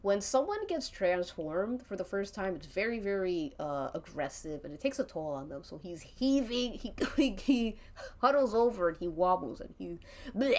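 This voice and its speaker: Giggly woman narrating slowly. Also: lowish voice, dark tone. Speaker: streamer narrating an interactive story. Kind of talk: casual story narration.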